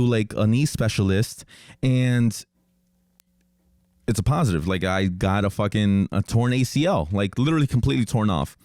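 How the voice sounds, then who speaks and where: Young male podcast host, lowish smooth voice, casual rambling storyteller, swears freely. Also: darkish tone, dry recording, clean studio sound. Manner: casual, profane, rambling with many restarts.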